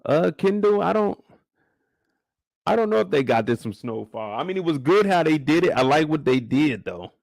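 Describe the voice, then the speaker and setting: A young man hosting a casual livestream recap, animated and profane, often leaping into high exclamations. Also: moderate pace, gravelly, dry recording, clean studio sound. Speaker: show host.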